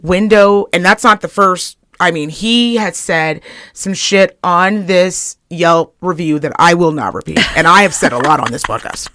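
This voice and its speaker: A woman's voice: on the low side, measured pace, sharp tone. A young woman co-hosting a casual podcast, ranting with heavy swearing and acting out the people she quotes. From Reno, Nevada area. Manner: profane, heated, acts out quoted people. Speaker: podcast co-host.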